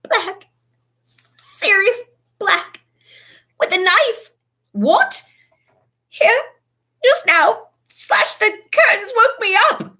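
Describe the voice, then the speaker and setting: A frantic teenage boy wizard in a storybook reading, as a woman puts him on. He yells in high, shrill bursts that leap all over the place. The tone is bright and cutting. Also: animated, unhurried, exaggerated voice. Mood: panicked. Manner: shrill, panicky, shouting.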